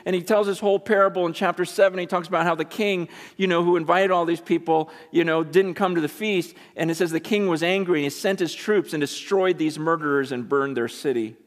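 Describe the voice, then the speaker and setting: A man preaching a sermon, emphatic, dropping from loud bursts to hushed, intense asides. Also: high voice, fairly quick, in a large hall.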